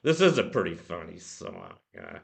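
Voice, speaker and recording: A man's voice: low-pitched, huge pitch swings, moderate pace, vocal fry. A man hosting his own music feature in a casual, rambling way, full of fillers and restarts, speaking into a home computer microphone. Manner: rambling, many "you know" fillers. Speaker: music blog host. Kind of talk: casual spoken song commentary.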